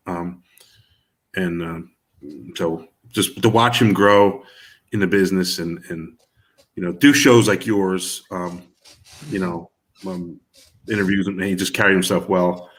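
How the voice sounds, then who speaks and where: A man's voice: low voice, fairly even intonation, a little slow. A middle-aged man, a music manager, talking in a casual interview and rambling with many restarts and fillers. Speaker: music manager and producer guest.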